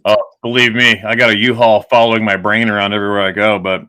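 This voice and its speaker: A man hosting a casual chat, blunt and quick to swear. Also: lowish voice, little pitch movement, bright, forceful tone, clean tone. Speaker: host.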